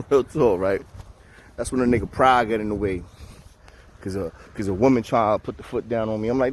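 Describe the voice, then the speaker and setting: Speaking to camera at a normal speed, a medium-pitched man recounts his time in jail using casual, profane street slang. He's animated and acts out the voices of the people in the story. There's slight background noise.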